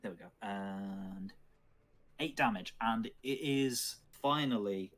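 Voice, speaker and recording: Low-voiced man running a tabletop game. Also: slow pace, a bit bright. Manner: matter-of-fact, narrating dice rolls. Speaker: dungeon master.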